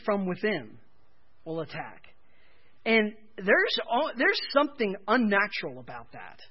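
A man preaching a sermon in a strikingly high voice that swoops and climbs with animated emphasis. He presses his points hard, growing louder on key words. The recording sounds dull and lo-fi. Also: slightly rough. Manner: emphatic, rising in pitch and volume for stress. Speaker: pastor.

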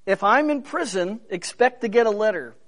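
A man's voice: sits high, animated, moderate pace. A man preaching a sermon in a conversational, emphatic way with humorous asides. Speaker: pastor.

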